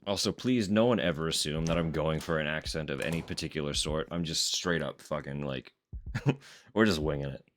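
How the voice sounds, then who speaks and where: Relaxed male streamer for casual gameplay talk; low voice, loose and profane. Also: moderate pace, a little hiss or hum. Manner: laid-back, swears and laughs easily.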